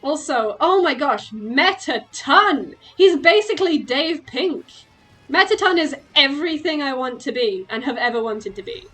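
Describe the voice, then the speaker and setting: A woman streaming a game, chatting casually in an excitable, giggly way with quick exclamations. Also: sits high, rough recording. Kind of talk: casual gameplay chat.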